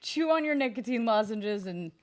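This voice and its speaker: A woman co-hosting a podcast in a studio, chatting casually and ribbing her co-host with deadpan teasing. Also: fairly high pitch, normal speed. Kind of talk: casual comedic chat.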